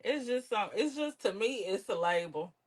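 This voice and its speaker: A woman's voice: medium pitch, normal speed. A woman comedian, telling candid stories in a casual interview and acting out her relatives' voices. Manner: lively, swears, acts out relatives' voices. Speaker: comedian guest.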